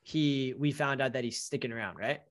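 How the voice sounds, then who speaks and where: A young man co-hosting a casual chat, telling stories in an animated way and acting out the lines of people he quotes. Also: medium pitch, brisk. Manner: animated storytelling, acts out quoted dialogue. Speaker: podcast co-host.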